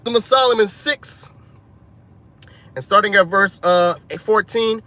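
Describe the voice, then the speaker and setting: A man's voice: high voice, measured pace, pauses often, sharp tone. A man preaching an informal street sermon, urgent and profane, ending lines with "man" and "bro".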